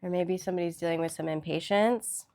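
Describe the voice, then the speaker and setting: A woman's voice: on the low side, steady tone, fairly quick, darkish tone. A woman hosting a casual tarot reading vlog, chatty and loose, with the odd swear word. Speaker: tarot reader.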